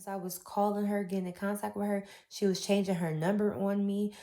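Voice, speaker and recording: In a medium-pitched, mellow voice with a level tone, a young woman speaks fairly quickly, giving a raw and heartfelt testimony about her own hardship. Her grammar is casual and Southern in style.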